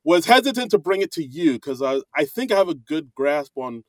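A man's voice: a little high, sing-song, dry recording. Stammering man on a dry mic. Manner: halting, stammering, restarts often. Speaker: podcast co-host. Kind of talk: casual movie review chat.

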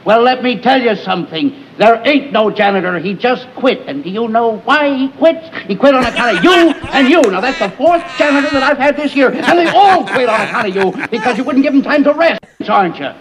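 Irritable sitcom landlord, blustering rant, very high voice. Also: male voice, expressive, brisk, few pauses, a little hiss or hum. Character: ranting older male landlord, irritable. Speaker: sitcom character. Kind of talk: 1950s TV sitcom acting.

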